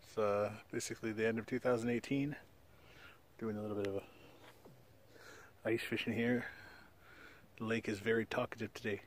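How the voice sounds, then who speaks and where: A man's voice: on the low side, fairly even intonation, moderate pace, long pauses, slight background noise. A Canadian man with a Canadian accent, vlogging casually outdoors on a frozen lake, talking through a camera on a tripod in a rambling, laid-back way full of fillers.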